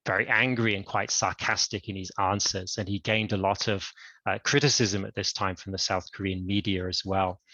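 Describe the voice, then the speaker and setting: A male university lecturer giving an online academic lecture, explaining in a measured way. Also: on the low side, pushed and bright, no echo, highs cut off. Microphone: computer mic on a video call.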